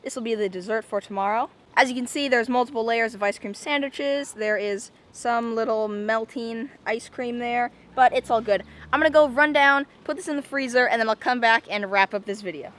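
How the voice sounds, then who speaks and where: Chatty young woman vlogging, bright voice. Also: a little high, normal speed, few pauses. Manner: chatty, rambling with many repeated words and "like". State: out of breath. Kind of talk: casual daily vlog.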